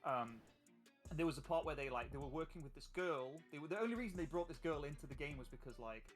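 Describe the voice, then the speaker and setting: A man's voice: on the high side, lively intonation, quick pace, soft background music. A man who hosts a chat and runs a tabletop game, rambling through stories with fillers and laughs. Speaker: host and game master. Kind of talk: casual chat.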